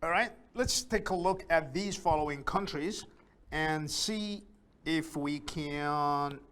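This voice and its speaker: In a fairly high, slightly bright voice, a man leads a beginner-level English class. He talks slowly and with care, saying words more than once so learners can hear the pronunciation.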